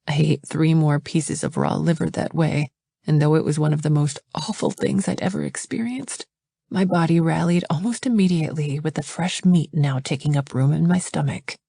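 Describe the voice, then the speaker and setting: A woman narrating a first-person novel as an audiobook, reading quietly and intimately. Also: low voice, gravelly, slightly rough, no room sound, studio quality.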